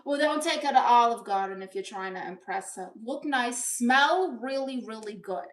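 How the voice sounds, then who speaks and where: Woman as a sassy middle-aged auntie, comedy livestream, higher voice, swooping greetings, chats with viewers from her bedroom. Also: animated, normal speed, close to an everyday voice. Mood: chatty. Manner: reads chat aloud and greets viewers with big pitch swings. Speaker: livestream host in character. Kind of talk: live-chat comedy stream.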